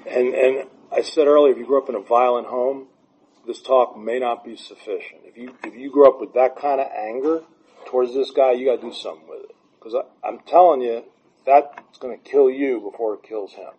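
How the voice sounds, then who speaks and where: A man's voice: mid-range voice, fairly even intonation, a little fast, breathy edge. A man giving blunt, profane recovery advice and telling stories from his own life. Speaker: recovery speaker. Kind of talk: candid advice talk. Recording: dull lo-fi sound.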